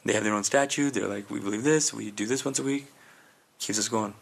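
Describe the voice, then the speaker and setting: A man's voice: on the low side, fairly quick, gravelly. A man co-hosting a comedy podcast, rambling through stories in casual chat and calling people "dude" and "man". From Canada. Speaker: podcast co-host. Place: indoors, podcast recording.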